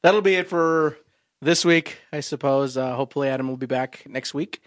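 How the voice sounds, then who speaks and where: A man co-hosting a casual podcast, joking around and laughing often between quick asides. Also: medium pitch, no room sound, studio quality. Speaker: podcast co-host. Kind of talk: casual chat.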